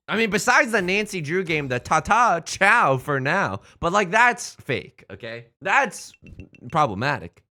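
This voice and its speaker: Animated streamer rambling a funny story, super bouncy pitch, faint music behind. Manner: animated, jokey storytelling with big pitch swings. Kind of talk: casual chat to a live stream. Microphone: streaming microphone.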